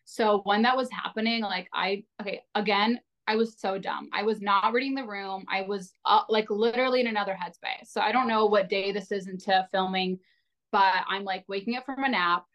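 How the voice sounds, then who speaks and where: A woman's voice: medium pitch, fairly even intonation, moderate pace, dull audio. A woman in her twenties, a podcast guest in casual chat, rambling with lots of "like" fillers and poking fun at herself. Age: 20s. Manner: rambling, heavy on filler "like", self-deprecating.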